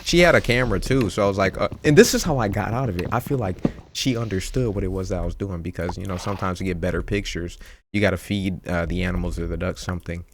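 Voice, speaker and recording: A young man telling a story in casual slang while playing a game, animated and swearing freely. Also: sits low, quick pace, a little hiss or hum. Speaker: gaming youtuber. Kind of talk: casual storytelling over gameplay. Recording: game music in background.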